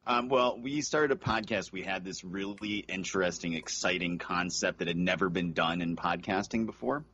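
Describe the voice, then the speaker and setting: A man's voice: low-pitched, normal speed, pushed and bright, slightly rough, lo-fi sound. A middle-aged man guesting on a podcast, joking in a dry, self-mocking way. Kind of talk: casual chat.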